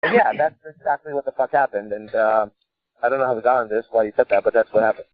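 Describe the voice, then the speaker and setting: A man's voice: medium pitch, fast, dry recording. A man co-hosting a call-in podcast, telling a story in an intense, profane, emphatic way. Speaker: podcast co-host. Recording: tinny phone-like sound.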